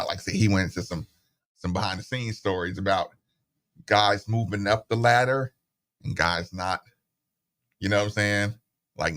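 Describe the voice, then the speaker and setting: A middle-aged sports radio host with a lowish voice tells stories at his studio mic. He keeps it casual and animated, imitating the people he quotes.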